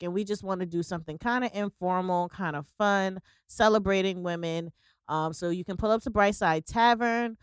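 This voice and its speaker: A woman co-hosting a podcast in relaxed, upbeat casual chat, with plenty of "um" fillers. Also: fairly low pitch, clear, resonant tone, no echo, clean studio sound. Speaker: podcast co-host.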